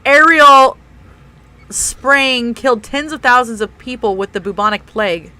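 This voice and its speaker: A woman's voice: high voice, measured pace, sharp tone. A woman co-hosting a casual group podcast, reading history notes aloud with small stumbles and frequent laughs. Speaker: podcast co-host.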